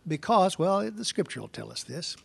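A man's voice: sits high, sing-song, normal speed, vocal fry, slightly rough. A man preaching verse by verse, explaining the passage in a conversational way and asking his listeners rhetorical questions. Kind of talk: verse-by-verse Bible teaching.

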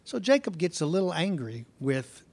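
A man with a noticeably high voice teaches through a scripture passage verse by verse. His delivery is conversational, and he keeps turning to the congregation with rhetorical questions. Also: sing-song, moderate pace, creaky, a little mellow. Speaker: preacher.

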